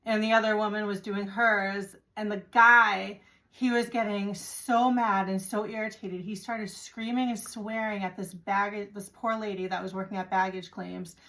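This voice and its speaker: A woman from the United States talks straight to her viewers in a relaxed, chatty storytelling voice. She sounds exasperated and acts out the people she met along the way. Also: mid-range voice, moderate pace. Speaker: vlogger. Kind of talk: casual storytelling to camera.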